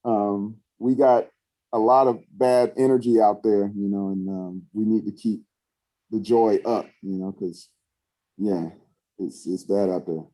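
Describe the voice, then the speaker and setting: A man co-hosting a casual podcast, talking in a rambling way and filling pauses with "you know" and "um.". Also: lowish voice, steady tone, dark tone. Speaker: podcast co-host.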